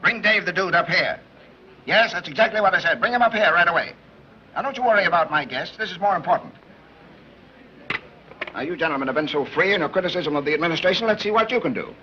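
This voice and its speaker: An actor playing an indignant city mayor who gives brisk orders in an old film. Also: male voice, high-pitched, animated, pushed and bright, a little hiss or hum. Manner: brisk, commanding. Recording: dull muffled 1930s film soundtrack.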